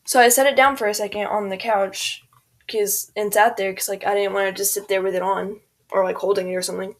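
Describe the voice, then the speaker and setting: A woman's voice: mid-range voice, little pitch movement, a little fast. A teenage girl rambling casually through a storytime over gameplay, full of "like" and "um", quoting people as she goes. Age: teens. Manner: rambling, filler-heavy, quotes people in voices. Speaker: gaming video creator.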